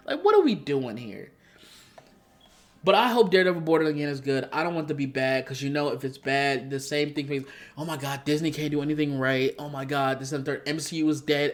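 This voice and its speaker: A man's voice: fairly high pitch, fairly quick. A young man ranting casually in an opinion vlog, rambling and exasperated, full of slang and fillers. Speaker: YouTube commentator. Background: faint background music.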